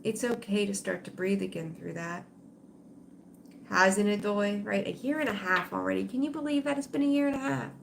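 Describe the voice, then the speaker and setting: A middle-aged woman hosting a tarot livestream speaks at a moderate pace in a gravelly, medium-pitched voice. Her casual conversation with viewers is emotional and rambling, riddled with fillers and restarts, with slight background noise.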